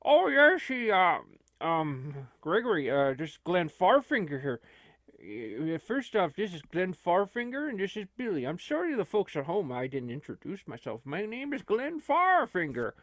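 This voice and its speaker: A man's voice: high-pitched, huge pitch swings, normal speed, fairly bright tone, no echo, heavily acted. A man putting on the voice of a cheerful backwoods man who eagerly introduces himself. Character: chipper backwoods man with claimed Minnesota accent.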